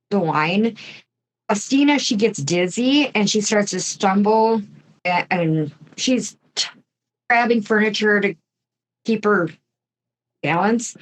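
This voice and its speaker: A woman co-hosting a podcast, telling a true-crime story casually with chatty asides and mild swearing. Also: mid-range voice. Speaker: podcast co-host.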